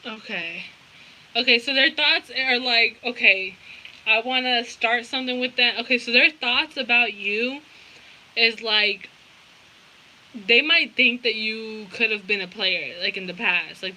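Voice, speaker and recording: Blunt, bright-voiced young woman reading tarot. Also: a little high, measured pace, slight background noise, poor audio. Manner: blunt, profane, animated slang. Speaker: tarot reader.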